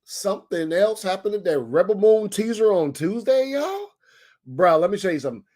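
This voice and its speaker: Excitable slangy man hosting a live stream. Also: sits high, a little fast. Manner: excitable, slangy, addresses chat directly. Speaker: host of a daily live stream show. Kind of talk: casual live stream chat.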